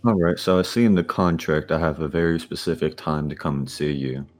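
Very deep-voiced male player. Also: a little fast. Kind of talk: playing a tabletop game.

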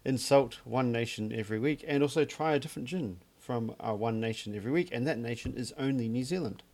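A man's voice: medium pitch, fast, a little mellow. A man co-hosting a casual podcast about gin, talking in a dry, joking way with plenty of fillers. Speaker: podcast co-host. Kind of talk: casual chat.

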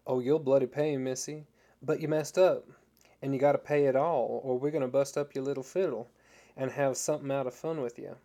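A man voicing a burly male street thug who talks loud and threatening. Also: medium pitch, level tone, moderate pace, close to an everyday voice. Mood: menacing.

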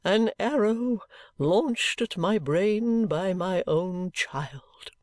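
A narrator voicing a vain, pompous elderly gentleman who speaks in grand, theatrical phrases and wallows in self-pity. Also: mid-range voice, expressive, very slow, no echo, studio quality. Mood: wounded. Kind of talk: audiobook character reading.

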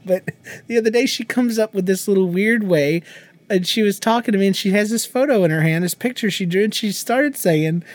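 A man's voice: high voice, fairly quick, dry recording. Guy in his 30s on a podcast, chatty, laughs a lot, does little sing-song bits when he quotes people. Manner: laughing storyteller who acts out quotes and sings nonsense beats. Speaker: podcast co-host. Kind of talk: casual chat.

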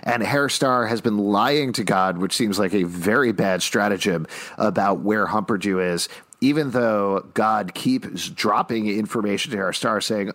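A man's voice: on the low side, a little slow, a bit bright. A man co-hosting a podcast, wryly summarizing a TV episode's plot in casual chat. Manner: wry, summarizing plot at length. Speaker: podcast co-host recapping a TV episode.

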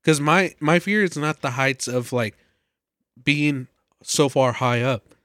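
A man in casual chat, relaxed and thoughtful, musing on his own fears. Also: medium pitch, slow pace, no room sound, studio quality.

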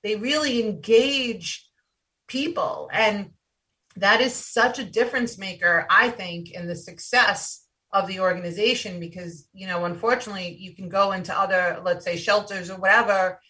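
A woman from New York speaks in a bright, mid-pitched voice. She rambles with enthusiasm while chatting casually, and she sounds set back from the microphone. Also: normal speed, distant mic. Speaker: podcast co-host. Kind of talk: casual podcast conversation.

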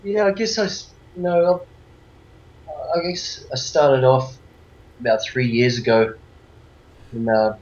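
A man with a New Zealand accent, a guest talking casually in an interview, relaxed and rambling with plenty of fillers. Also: mid-range voice, a little slow, pauses often, highs cut off.

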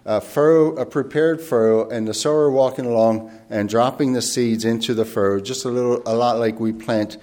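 A man preaching a sermon in a thoughtful, earnest way, pausing and rephrasing as he goes, and reading scripture aloud slowly and formally. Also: medium pitch, fairly even intonation, mellow.

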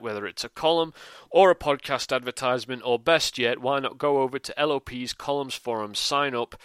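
Bright, crisp man hosting. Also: mid-range voice, no echo. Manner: chatty, rambling, upbeat plugs. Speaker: podcast host. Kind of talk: casual podcast chat.

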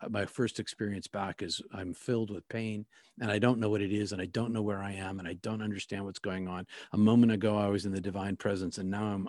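A man recounting a personal experience in a reflective, halting way, often restarting his sentences. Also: on the low side, a little mellow, no room sound, clean studio sound. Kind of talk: personal testimony.

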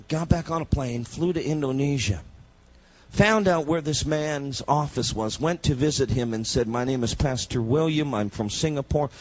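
A man preaching a sermon, moving between quiet storytelling and loud shouted proclamation. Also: mid-range voice, slightly rough, dull audio.

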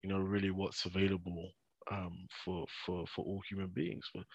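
A man's voice: low voice, completely flat delivery, normal speed, creaky, slightly rough, dry recording, lo-fi sound. A man as a podcast guest, speaking in a laid-back, reflective way with frequent restarts. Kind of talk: casual interview chat.

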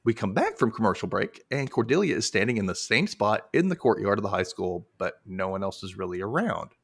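A man hosts a chatty recap podcast, retelling scenes with animated, playful put-on voices. His voice sits fairly low but swings widely in pitch. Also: brisk, gravelly, breathy edge. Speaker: podcast host. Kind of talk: casual recap chat.

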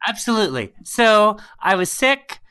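A woman with a bright, clear voice, chatting as a podcast guest. She tells her stories animatedly, often breaking into laughter. Her pitch sits in an ordinary middle range. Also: normal speed. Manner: animated storytelling with frequent laughs. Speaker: podcast guest, writer and storyteller. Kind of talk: casual interview chat.

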